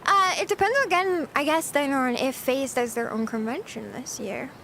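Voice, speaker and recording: A woman's voice: high-pitched, moderate pace, fairly bright tone, slight background noise. A young American woman chatting casually on a live stream, giggly and bubbly, reading and answering chat. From United States. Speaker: VTuber streamer.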